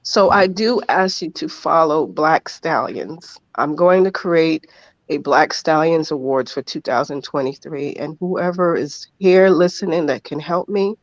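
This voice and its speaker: A man's voice: fairly high pitch, a little slow, no room sound. An earnest man speaks as a podcast guest, heartfelt and emphatic, repeating key phrases. His audio is dry with no room sound and comes through dull and lo-fi. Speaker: interview guest. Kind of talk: emotional podcast interview.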